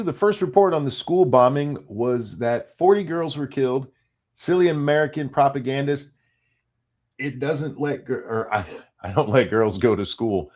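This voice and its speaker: A man's voice: medium pitch, normal speed, darkish tone. A man co-hosting a casual political chat show, talking bluntly and with profanity, often restarting his sentences. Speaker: show co-host.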